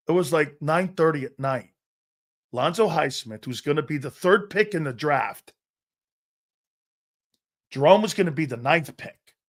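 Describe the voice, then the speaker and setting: A middle-aged sports talk show host with a slightly high voice tells a profane, animated story, loudly impersonating the people involved.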